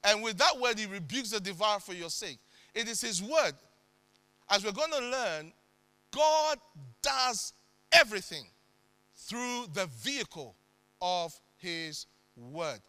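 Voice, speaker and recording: High bright-voiced male preacher. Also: animated, unhurried, long pauses, clean tone, no room sound. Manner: dramatic preaching with sudden loud bursts. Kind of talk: sermon.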